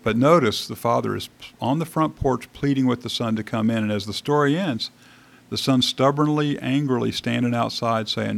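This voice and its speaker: A man's voice: mid-range voice, normal speed, vocal fry. A man preaching a sermon in a church, reading scripture aloud and commenting on it in a conversational way. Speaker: pastor. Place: church sanctuary.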